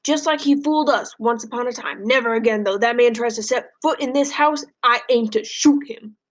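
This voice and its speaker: Woman reading a quiet, firm old grandpa, stern and protective, storybook voice. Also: a little high, normal speed, natural voice. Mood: grim, firm. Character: stern, protective elderly grandfather, army veteran.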